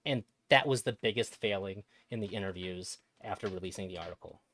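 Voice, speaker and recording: A man's voice: deep voice, a little fast, fairly bright tone. A man guest on a livestream, talking earnestly and at length, reasoning things through with frequent fillers. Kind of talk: casual discussion.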